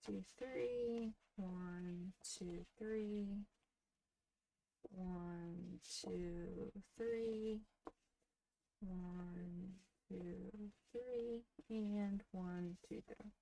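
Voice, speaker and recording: A woman in her thirties talks gently to her viewers while crafting, her voice carrying a light gravelly fry at a medium pitch. A faint hiss and the odd click sit under her words. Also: fairly even intonation, very slow. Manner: soft-spoken, chatty, talks to viewers in the chat. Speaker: craft livestream host. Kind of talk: casual livestream chat while crafting.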